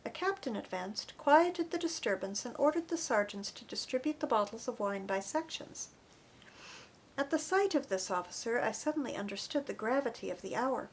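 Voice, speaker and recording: A woman reading an audiobook chapter in an earnest, expressive narration. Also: fairly high pitch, moderate pace, a little hiss or hum. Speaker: audiobook reader. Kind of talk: scripted narration.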